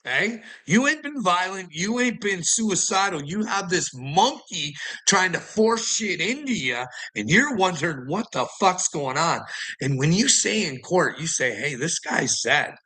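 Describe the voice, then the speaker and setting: A man's voice: high voice, big pitch swings, measured pace, sharp tone, breathy edge, poor audio. A man ranting in a casual chat to a friend, agitated and heavy on profanity, laughing often between lines. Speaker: person telling his story.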